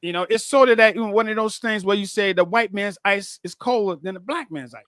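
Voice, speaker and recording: A man's voice: sits high, a little fast, dry recording, studio quality. A man talking casually and bluntly, stammering and repeating himself often, with frequent swearing. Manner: stammering, profane, animated. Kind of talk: casual conversation.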